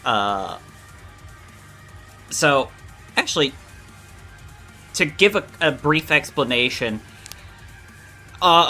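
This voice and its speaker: Male dev streamer, slow and bright, explaining patiently, soft music underneath. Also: on the high side. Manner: slow, explanatory, joking asides. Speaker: streamer and modder. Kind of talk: casual dev stream chat.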